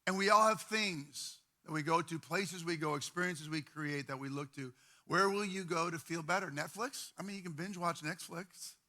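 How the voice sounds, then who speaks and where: A man, a pastor, preaching a sermon in a conversational style, often repeating phrases and dropping to quiet, intimate tones. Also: fairly high pitch, moderate pace. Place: church.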